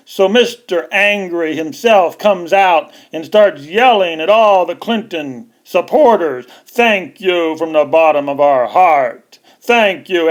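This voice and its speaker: A man giving a scornful, emphatic political rant over news footage, repeating his points for weight. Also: high-pitched. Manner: scornful, mocking. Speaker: online political commentator.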